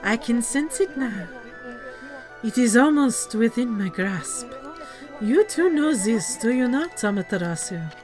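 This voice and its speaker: A woman's voice: on the high side, animated, music in the background. A woman voicing a smug, theatrical male prophet with a put-on French accent. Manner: slow, suave, mock-elegant.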